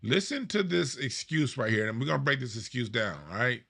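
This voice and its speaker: A man's voice: medium pitch, brisk, creaky. A man hosting a podcast, commenting on clips he plays and repeating points for emphasis. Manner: animated, breaks down clips, repeats himself for emphasis. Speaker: podcast host reacting to clips. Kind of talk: commentary over played clips.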